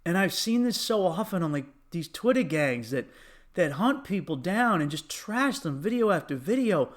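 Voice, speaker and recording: A man with a high voice hosts a solo comedy podcast, ranting in a loose, profane stream and cracking himself up along the way. He sniffles now and then from allergies, veering between bursts of mock outrage and muttered asides. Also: big pitch swings, moderate pace. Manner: profane, ranting, laughs at own jokes.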